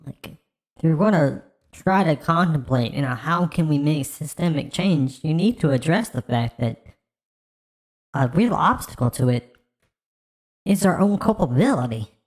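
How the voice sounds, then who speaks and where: A woman's voice: sits low, lively intonation, unhurried, pauses often, darkish tone. A woman streaming reaction videos, talking in a blunt, earnest, profane way. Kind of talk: casual reaction stream chat.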